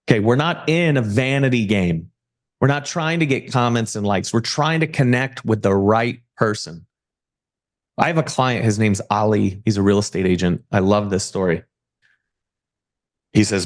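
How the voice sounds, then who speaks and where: Emphatic motivational man, fairly low voice. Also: moderate pace. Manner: emphatic motivational speaker, rhetorical questions. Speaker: personal branding agency owner. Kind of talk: live presentation pitch.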